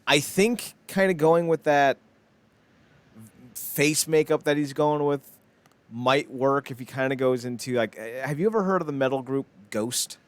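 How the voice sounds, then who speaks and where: A man's voice: mid-range voice, a little slow. Podcast co-host, man, middle voice, loose and profane, rambles through his takes. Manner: rambling, blunt and profane, with frequent "like" fillers. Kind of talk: casual chat.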